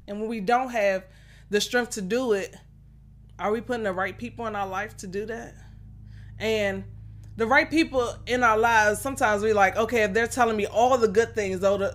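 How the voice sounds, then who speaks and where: A woman's voice: mid-range voice, fairly bright tone. A middle-aged woman hosting a solo podcast, talking earnestly and encouragingly about faith and pushing yourself, with many restarts. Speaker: podcast host. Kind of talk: solo motivational podcast talk.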